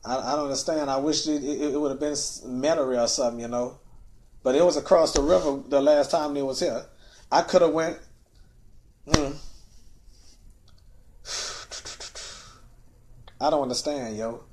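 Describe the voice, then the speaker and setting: A man, upset and near tears, talking through a rambling livestream monologue, stammering and repeating words and closing phrases with a soft, trailing "you know?". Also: medium pitch, a little fast.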